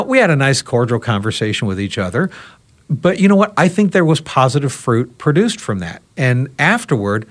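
A talk radio host telling a story on a roundtable podcast and voicing both sides of a conversation. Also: male voice, medium pitch. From United States.

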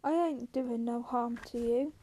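Woman reading as lonely young ranch wife, coaxing and bitter, high soft voice. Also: unhurried.

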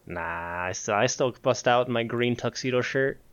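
A man's voice: medium pitch, moderate pace, clean tone, highs cut off. A man co-hosting an esports podcast, joking around and laughing in casual chat. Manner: jokey, laughs often. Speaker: podcast co-host.

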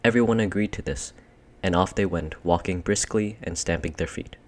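A man reading a children's storybook aloud in a measured, expressive narration. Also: deep voice. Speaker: audiobook reader.

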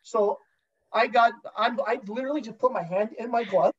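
A man's voice: very high-pitched, normal speed, breathy edge. Man, ex-goalie, casual storyteller, profane, rambling, muffled lo-fi sound. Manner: profane, rambling anecdotes with many restarts. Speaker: podcast guest, former pro hockey goalie. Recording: dull lo-fi sound.

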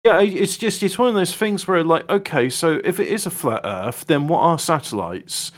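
A man in a casual online chat who jokes deadpan and restarts his sentences often. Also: a little high, moderate pace. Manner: deadpan joking, stammering restarts.

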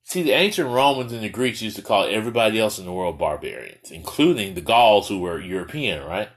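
A man's voice: lowish voice, animated, fairly quick, poor audio. A man from the United States giving an impassioned opinion monologue, full of rhetorical questions and repeated words for stress.

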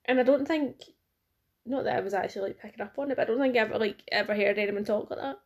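A young woman co-hosts a podcast, chatting casually and teasing her partner. She talks in a loose, rambling way, full of "like" and "obviously", with her voice at an ordinary middle pitch. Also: fast talker. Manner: chatty, teasing, laughs often. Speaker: podcast co-host. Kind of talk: casual chat.

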